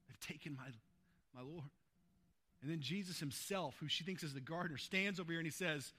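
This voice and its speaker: A man preaching a sermon as pastor, emphatic, stacking adjectives and swinging between loud urgency and hushed tenderness. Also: on the high side, animated, normal speed.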